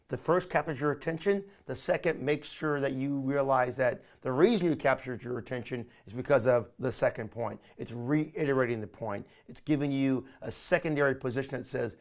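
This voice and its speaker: Energetic man coaching a training session. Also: mid-range voice. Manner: energetic, coaching, says "my friend" often. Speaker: online marketing trainer.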